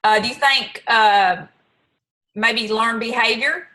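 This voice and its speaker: Woman host, bright and fairly high, asks rambling questions in casual group talk. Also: slow, low-quality recording. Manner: asks questions, restarts, many fillers. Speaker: discussion host.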